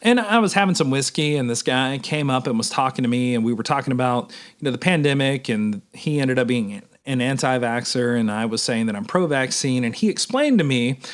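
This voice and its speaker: A male minister delivering a humorous sermon with emphatic, animated commentary, often addressing listeners as y'all. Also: mid-range voice.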